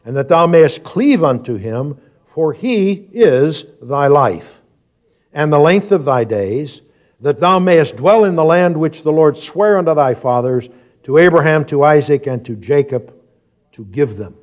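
A man preaching a sermon, moving from quiet, reflective explanation to loud, emphatic scripture reading and questions to his congregation. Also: on the high side, lively intonation, a little slow. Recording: dull lo-fi sound.

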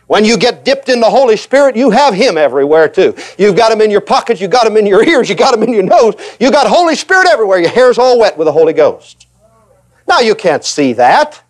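A man preaching a sermon in an animated way, acting out the voices of reluctant believers and repeating points for emphasis. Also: high voice, fairly quick. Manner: emphatic repetition.

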